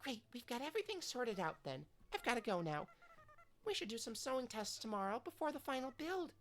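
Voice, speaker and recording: Woman doing a soft, gushing girl designer. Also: a little high, very animated, brisk, pitched above the performer's own voice. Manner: soft, gushing and sprinkled with Japanese words. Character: sweet, doting young woman designer with Japanese flavor.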